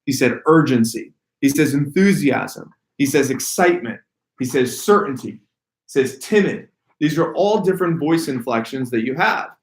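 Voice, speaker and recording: A man running a sales training workshop. He talks in a casual, animated way and stresses single words to show how emphasis changes meaning. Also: medium pitch, moderate pace. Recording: echoey room.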